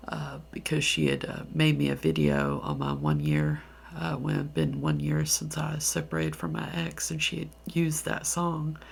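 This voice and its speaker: Gravelly low Southern woman, half-whispered ASMR ramble. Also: moderate pace. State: tired. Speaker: ASMR creator. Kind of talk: soft-spoken ASMR ramble.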